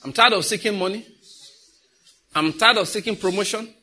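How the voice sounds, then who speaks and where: A man's voice: high-pitched, normal speed, sharp tone. A middle-aged Nigerian man, a pastor preaching a sermon in a conversational way with pidgin asides.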